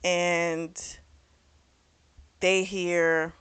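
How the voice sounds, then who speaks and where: A woman's voice: fairly low pitch, flat delivery, very slow, a bit bright, smooth, dry recording. A woman casually recapping a novel's plot as a book reviewer, chatty, with fillers and restarts.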